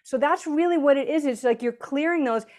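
A woman's voice: sits high, a little fast, a little mellow. A woman author as an interview guest, explaining earnestly and now and then acting out quoted voices. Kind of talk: conversational interview.

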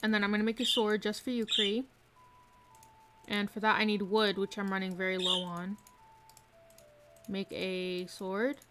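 Her pitch sits in the middle and barely moves, and she keeps a measured pace with long pauses. She's a woman streaming a game live, giving casual commentary, reading chat, musing aloud, and giggling a lot, over faint noise with clicking and typing.

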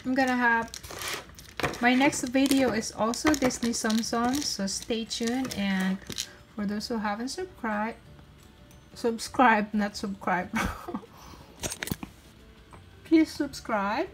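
A woman's voice: fairly high pitch, fairly even intonation, measured pace, background noise. A young woman hosting a casual toy unboxing video, chatty and giggly with cheerful exclamations. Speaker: toy unboxing channel host. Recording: packaging crinkles and clicks throughout. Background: crinkling packaging.

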